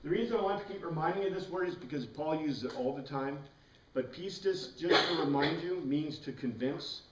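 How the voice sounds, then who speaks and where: A man's voice: a little high, a little fast, very noisy. Man lecturing in a roomy classroom. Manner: explanatory, spells out words letter by letter, enthusiastic asides. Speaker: Bible class teacher. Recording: roomy echo, mic far away.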